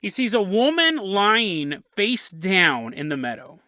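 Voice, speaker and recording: Bright, animated podcast host storyteller. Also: male voice, sits high, slow pace, dry recording, studio quality. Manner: jokey, rambling, laughs at his own asides.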